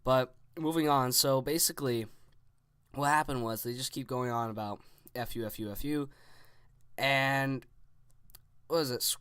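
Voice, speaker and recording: A man's voice: mid-range voice, moderate pace, long pauses, fairly bright tone, smooth, no room sound, clean studio sound. A young man in his teens casually telling a story, rambling with lots of "like" and restarts.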